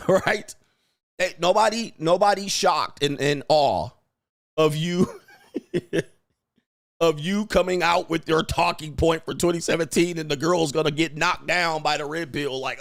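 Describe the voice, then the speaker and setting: A man hosting a livestream, riffing loosely in slangy talk with frequent laughs and mimicry. His voice sits a little high for a man and carries a gravelly, creaky texture. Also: measured pace, no echo, clean studio sound. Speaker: host and commentator. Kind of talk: livestream commentary.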